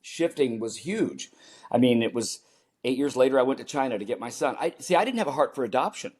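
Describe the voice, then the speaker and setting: An older man tells personal stories as a podcast guest, lively and expressive. He slips into the voices of the people he talks about, then drops back to his own middle-pitched voice. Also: brisk, husky. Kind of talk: storytelling in a podcast interview.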